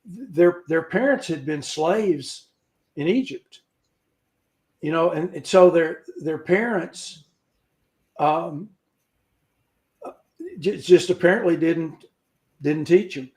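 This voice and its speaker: Man, fairly high voice, informal scripture teaching, folksy joking asides, halting restarts, video call. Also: a little mellow. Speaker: Bible study teacher.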